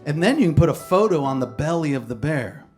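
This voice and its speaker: On stage, a comedian and poet with a slightly high, very animated voice tells a self-mocking story a little fast, rambling and breaking into bursts of laughter. The live stand-up recording has guitar music in the background.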